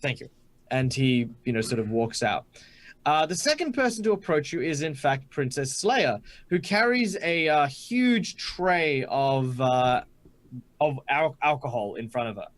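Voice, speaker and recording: A man running a tabletop game, narrating scenes with halting pauses and fillers. His voice sits a little high. The recording is dry and close. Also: very animated, dry recording. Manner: hesitant, many fillers. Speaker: game master.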